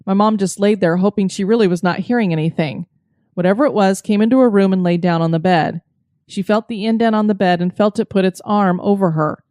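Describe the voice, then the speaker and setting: A woman co-hosting a podcast, reading stories in a steady, plain manner. Her pitch is in a middle range. The recording is dry and close. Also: a little fast, no echo. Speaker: podcast co-host. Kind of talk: reading listener stories aloud.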